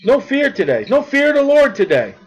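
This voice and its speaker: A male preacher with a notably high voice delivers a sermon. His delivery is fervent and climbs toward near-shouting when he presses a point home. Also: wildly swooping pitch, brisk, breathy edge, muffled recording.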